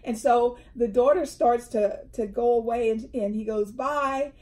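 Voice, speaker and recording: A slightly high-pitched woman's voice moves at normal speed. She's a middle-aged co-host in a casual indoor tea-table conversation, animatedly recounting stories and acting out the people in them, quotes and all.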